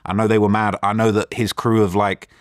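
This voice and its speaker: A young man tells his story in a rapid, excited rush, jumping between his own words and the words of others. His voice sits on the low side and sounds dry and close, with no room echo. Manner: animated retelling with quoted dialogue and fillers. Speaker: interview guest. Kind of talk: casual storytelling interview.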